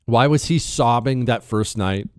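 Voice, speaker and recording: A man in the middle of a talk radio monologue, speaking at an ordinary middle pitch. The sound is close and dry, with no room around it. He drives his points home, circling back to repeat them and asking the listener direct questions. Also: unhurried, clear, resonant tone, dry recording. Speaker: radio talk show host.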